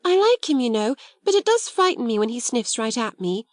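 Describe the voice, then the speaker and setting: A woman's voice: on the high side, very animated, brisk, darkish tone, dry recording, pitched above the performer's own voice. A timid schoolgirl frets in a raised, plaintive voice, as a woman narrator puts her on. She sounds anxious and unsure of herself, pleading in a storybook reading. The sound is dry and close. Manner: pleading, worried girlish delivery.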